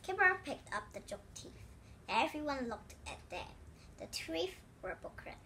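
Woman, children's storybook read-aloud, bright tone, higher voice, careful. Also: sing-song, unhurried, a little hiss or hum. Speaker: storybook reader. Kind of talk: reading a children's book aloud.

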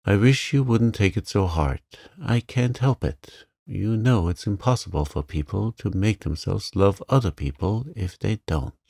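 A man reading the part of an earnest, remorseful young woman in an audiobook, in a gentle, pleading way. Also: on the low side, slow, vocal fry, no room sound, studio quality.

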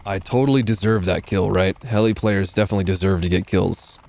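A man's voice: low voice, fairly quick, creaky, a little mellow. A man giving casual, joking live commentary while playing a game. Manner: joking, sarcastic, laughs often. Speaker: gaming livestreamer.

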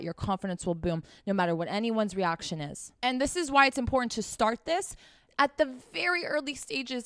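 A woman hosts a casual advice show, blunt and foul-mouthed, pressing her points home and checking in with the listener. Her voice is smooth and resonant, and it sits dry and close with almost no room sound. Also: a little high, fairly bright tone, dry recording. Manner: blunt and profane, emphatic; direct, talks straight to the listener with repeated "okay?". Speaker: podcast host.

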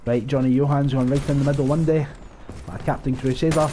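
A man giving live, profane, rambling commentary over his own gameplay, breaking into excited outbursts. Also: mid-range voice, quick pace, slight background noise. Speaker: gaming channel host.

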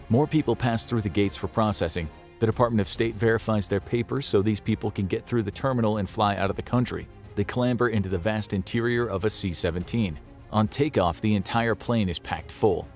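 Deep-ish guy doing serious documentary narration, music faintly underneath. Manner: grave, dramatic storytelling.

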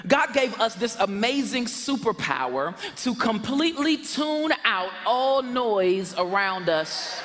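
A man preaching a lively sermon as pastor, shouting for emphasis and laughing along with his congregation. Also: high-pitched, slow pace, few pauses, in a large hall. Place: church sanctuary. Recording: church sanctuary with congregation noise.

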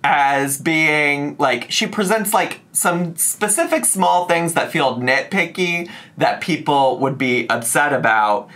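A man's voice: on the high side, slow, few pauses, fairly bright tone. A man talking casually as a reaction video host, rambling with lots of fillers and frequent laughs. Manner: chatty, rambling, laughs often, many "like" and "right?". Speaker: commentary YouTuber.

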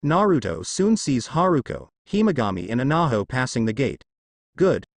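Man narrating fan fiction, steady reading, animated intonation, dry close recording. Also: mid-range voice, brisk, no room sound.

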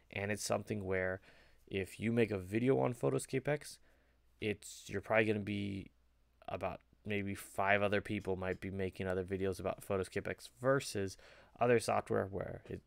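A man's voice: fairly low pitch, gravelly, a little mellow, dry recording. A young man talking casually to camera as a video creator, rambling a little with plenty of fillers. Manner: conversational, rambling, many fillers. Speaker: photo editing video creator. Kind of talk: casual vlog commentary.

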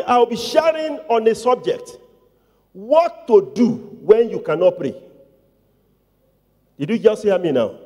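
A male pastor preaching a sermon in call-and-response style, with repeated questions to the congregation and loud emphatic declarations. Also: very high voice. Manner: call-and-response preaching, repetitive, rising to shouts. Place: church. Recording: long church hall reverb.

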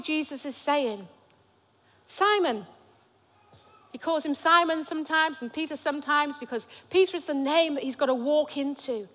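Woman pastor, high voice, emphatic repeated phrases, sermon in a church with long reverb. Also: a bit bright. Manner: emphatic, repetitive preaching cadence.

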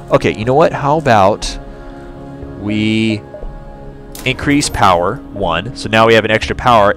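A man giving casual let's play commentary, chatting to his crew and breaking into excited outbursts. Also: mid-range voice. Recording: game music behind voice.

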